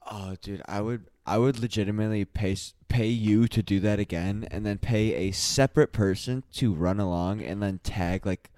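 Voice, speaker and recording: Low mellow young man, lively riffing. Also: moderate pace, few pauses, no echo, studio quality. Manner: laughs often, riffs on jokes. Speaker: podcast co-host. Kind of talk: casual crude comedy chat.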